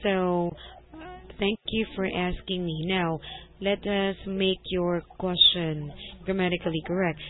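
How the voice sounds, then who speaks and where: A woman leads a one-to-one English lesson, gently correcting her student and laughing easily. She talks at an unhurried pace, and the thin, tinny call audio sounds like a phone line. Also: fairly low pitch, steady tone. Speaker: English tutor. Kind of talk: online one-to-one language lesson. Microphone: video call.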